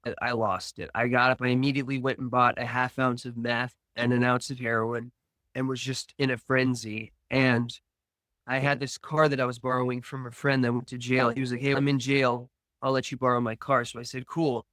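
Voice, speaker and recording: A man's voice: mid-range voice, level tone, fairly quick, fairly bright tone, dry recording, clean studio sound. A man recounting his past addiction as a podcast guest, telling it in present tense with quoted dialogue. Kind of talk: storytelling about addiction.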